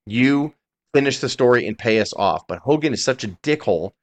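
A man's voice: medium pitch, lively intonation, brisk. A man co-hosting a wrestling podcast who rants with emphasis and heavy swearing while retelling events. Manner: ranting, profane, emphatic storytelling. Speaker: podcast co-host. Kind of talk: heated casual chat.

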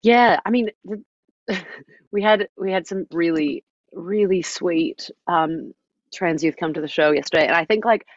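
Woman, interview guest, chatty, lower pitch, dull lo-fi, dry. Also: a little slow, dry recording. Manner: chatty, lots of likes and you-knows. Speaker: guest performer. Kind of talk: casual interview chat.

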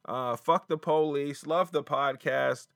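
A man's voice: on the high side, slow pace, gravelly, fairly bright tone, dry recording, clean studio sound, voice pushed up, exaggerated voice. A man putting on a hammy caller with a bad Jersey accent. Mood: upbeat.

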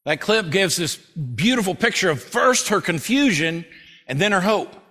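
A man preaching a sermon as pastor at a church service, who swings between loud, urgent stretches and slow, hushed scripture reading. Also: high-pitched, lively intonation. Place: church service before a congregation.

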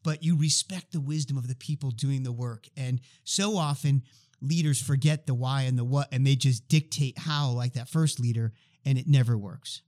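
A medium-pitched man in his fifties speaks at a normal speed as a guest expert on healthcare change. Telling stories in conversation, he's animated and acts out the dialogue.

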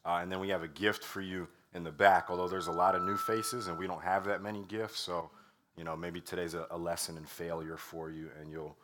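A man's voice: low-pitched, little pitch movement, a little fast, very noisy. A man preaching a sermon as pastor, in a conversational way with many fillers, his voice a little strained. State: slightly strained voice.

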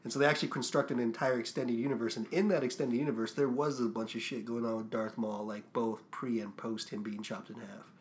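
A man's voice: medium pitch, little pitch movement, brisk, hardly any pauses. Young male podcast co-host, loose and rambling, mid-range voice, curses freely. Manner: rambling, swearing, many fillers. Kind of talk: casual podcast chat.

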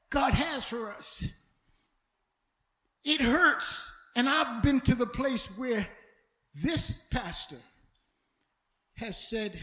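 A man preaching a sermon as pastor, dramatic, swinging from loud shouts to hushed tones and stumbling over repeated words. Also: very high-pitched, reverberant.

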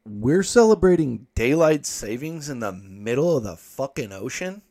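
A male podcast host talks casually and rambles with plenty of swearing. His voice sits at an ordinary middle pitch. He jumps between storytelling and reading articles aloud, tossing in quick asides. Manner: profane, rambling, animated when quoting himself.

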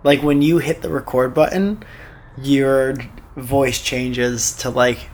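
A man's voice: medium pitch, fairly even intonation, slow pace. A man co-hosting a podcast in a casual, jokey chat, teasing his co-host with playful wordplay.

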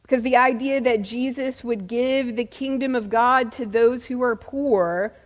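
A woman preaching a sermon, telling a story in a slow, measured way with soft pauses. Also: on the high side, steady tone. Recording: long reverb of a large hall.

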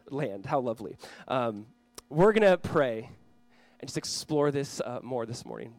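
A man in his thirties from Southern California, preaching a sermon in a conversational storytelling manner, reading scripture loudly and praying quietly. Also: medium pitch, animated, normal speed, no room sound. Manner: earnest, conversational, swings from loud reading to quiet prayer; storytelling with self-deprecating asides. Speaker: pastor.

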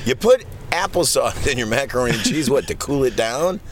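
A man's voice: mid-range voice, expressive, brisk. A man hosting a casual podcast chat from inside a car, joking and teasing his bandmates. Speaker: podcast host.

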